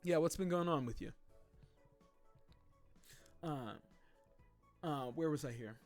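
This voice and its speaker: A man's voice: slow, soft background music. A man hosting a livestream, chatting casually with viewers and reading their comments in laid-back slang. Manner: laid-back slangy talk, lively swings in pitch. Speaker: livestream host.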